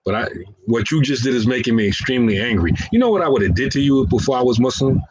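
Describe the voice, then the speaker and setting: A man's voice: medium pitch, animated, fast, a little mellow, low-quality recording. Playful man talking through street scenarios. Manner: playful, laughs at his own lines. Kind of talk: casual talk acting out scenarios.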